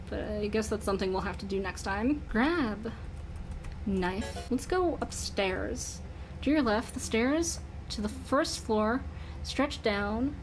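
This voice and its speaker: Higher-voiced woman reading game text aloud. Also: slight background noise. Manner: swears in frustrated outbursts; reads narration in an even, deliberate voice. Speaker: streamer playing a text adventure game.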